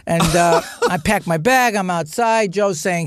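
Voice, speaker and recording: A man telling a family story in a loud, heated way, cursing freely. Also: high-pitched, unhurried, slight background noise. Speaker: guest storyteller. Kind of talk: animated anecdote in a played clip.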